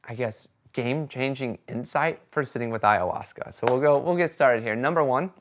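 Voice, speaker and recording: A man chatting casually to camera about his experiences, telling stories in an animated way and often checking in with "right?" and "okay?". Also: mid-range voice, moderate pace, a little hiss or hum. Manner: animated storytelling, acts out quoted voices; conversational fillers like "right?" and "okay?". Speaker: vlogger sharing experiences.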